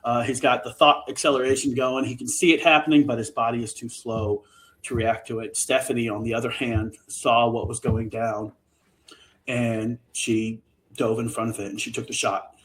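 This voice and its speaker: A man hosting a podcast, recapping a book in a casual chat, animated and swearing freely. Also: medium pitch, moderate pace, rough recording. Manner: animated, profane, full of restarts. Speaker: podcast host.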